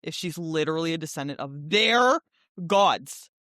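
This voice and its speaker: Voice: mid-range voice, animated, normal speed, fairly bright tone, no echo, studio quality. A podcast co-host in casual book club chat who raises short skeptical questions.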